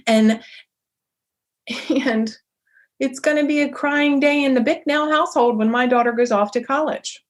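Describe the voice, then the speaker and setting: A woman in her forties hosting a solo motivational podcast as a coach, talking in an animated, emphatic way with a lively inflection. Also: high-pitched, a little slow, pauses often.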